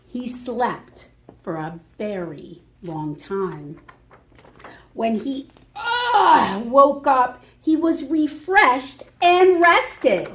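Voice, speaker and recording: A librarian reading a picture book aloud to children, expressive, with dramatic gasps and prompts for the kids. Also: female voice, high-pitched, very slow, slight background noise. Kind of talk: storytime read-aloud for children.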